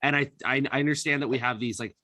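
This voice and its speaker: A man's voice: medium pitch, steady tone, fast, pushed and bright, no room sound, clean studio sound. A man co-hosting a sports podcast, ranting bluntly and swearing a lot. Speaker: podcast co-host. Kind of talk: casual sports chat.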